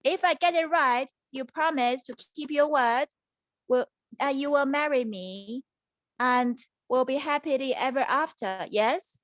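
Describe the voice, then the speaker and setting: A woman's voice: high-pitched, measured pace, no room sound, lo-fi sound. A woman voicing a brave young prince in a puppet story for a child, earnest and exclaiming.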